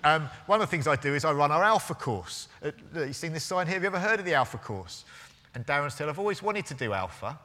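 A man's voice: on the high side, lively intonation, fast talker, pushed and bright. A man in his forties preaching a sermon as pastor, telling a story with restarts and acting out both sides of the conversation. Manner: storytelling, with hesitant restarts and acted-out dialogue. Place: church hall. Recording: long hall reverb.

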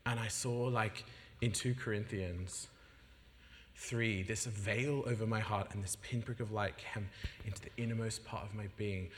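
A man giving an animated personal testimony as a guest preacher, acting out the voices of the people in his story and laughing often. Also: lowish voice, moderate pace, slight background noise. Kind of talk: testimony in a sermon. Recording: long hall reverb.

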